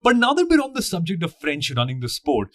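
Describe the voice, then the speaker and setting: A man's voice: on the high side, wildly swooping pitch, fast, a bit bright, dry recording, clean studio sound. A man co-hosting a podcast, playful and teasing, talking straight to the listeners. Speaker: podcast co-host. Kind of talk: casual podcast chat.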